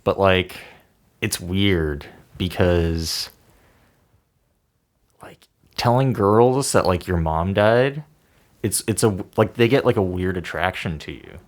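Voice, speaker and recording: A man co-hosting a podcast in casual chat, making crude jokes in a deadpan way. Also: low voice, takes it slowly, pauses often. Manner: joking, crude deadpan asides. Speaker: podcast co-host.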